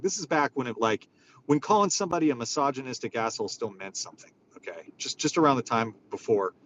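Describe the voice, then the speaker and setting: A man with a mid-range, slightly bright voice hosts an online social audio room, ranting casually in a profane, rambling, exasperated way. Faint background noise is audible.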